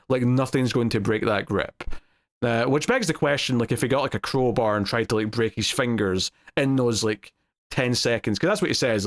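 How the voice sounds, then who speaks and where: A young man reviewing a TV episode in casual solo talk, rambling with lots of restarts and fillers. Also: mid-range voice.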